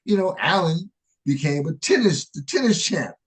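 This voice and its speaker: A man co-hosting a casual chat, telling stories with lively swings and laughing often. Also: normal speed, slightly rough. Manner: animated, jumps high when quoting people, laughs often. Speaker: podcast co-host.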